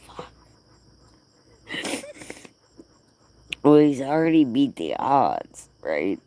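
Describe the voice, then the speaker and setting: A man's voice: medium pitch, big pitch swings, extremely slow, dark tone, exaggerated voice. An actor playing a grieving man who rambles tearfully and half laughs as he dotes on his dog. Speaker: dog owner. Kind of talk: emotional monologue.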